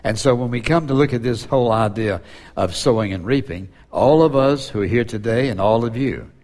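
A man's voice: mid-range voice, darkish tone. Man preaching an earnest sermon. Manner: earnest preaching, slows for quoted scripture. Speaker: pastor.

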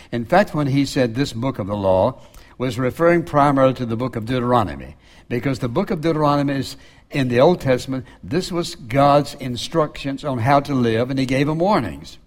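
A man preaches in a relaxed, conversational way, his voice sitting at an ordinary middle pitch. When he quotes scripture, he sinks into a soft, low delivery. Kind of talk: sermon.

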